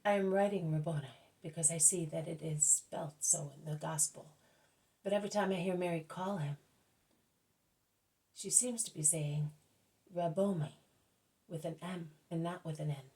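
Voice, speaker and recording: A woman reading a devotional book aloud at a careful, measured pace, now and then correcting herself. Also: deep voice, warm tone, low-quality recording. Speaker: audiobook reader.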